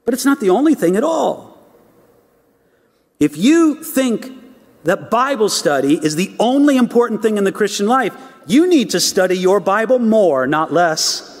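A man's voice: high voice, big pitch swings, unhurried, long reverb tail. A man preaching a sermon, emphatic, asking rhetorical questions and repeating words as he builds his points.

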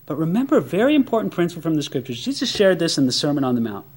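A man preaching a sermon as a pastor, conversational and animated, with many rhetorical questions. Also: fairly high pitch, racing, breathy edge.

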